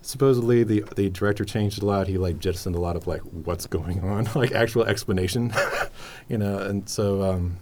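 A man with a very low voice chats casually, rambling and eager, heavy on fillers. A faint hum of the room sits behind him. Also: moderate pace, a little mellow. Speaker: library podcast host. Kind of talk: casual chat.

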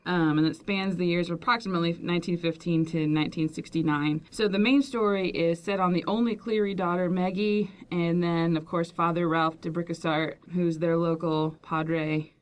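A woman's voice: on the low side, steady tone, moderate pace, hardly any pauses. A woman co-hosting a podcast, chatting casually about a book she recommends and laughing easily. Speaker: podcast co-host.

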